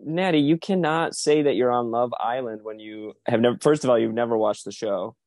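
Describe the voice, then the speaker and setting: A man's voice: mid-range voice, brisk, a little mellow, dry recording, clean studio sound. A man guesting on a podcast, talking bluntly and teasing the host in casual banter.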